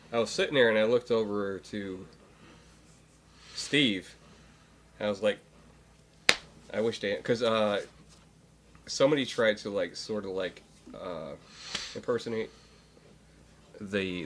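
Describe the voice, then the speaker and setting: A man's voice: fairly low pitch, unhurried, pauses often, slight background noise. A man co-hosting a podcast, telling a story in casual chat with many fillers and restarts. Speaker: podcast co-host.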